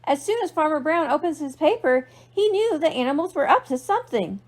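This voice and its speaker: A woman's voice: high voice, big pitch swings, brisk. A young woman librarian reading a picture book aloud to children, playful and asking them questions. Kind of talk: storytime read-aloud for kids.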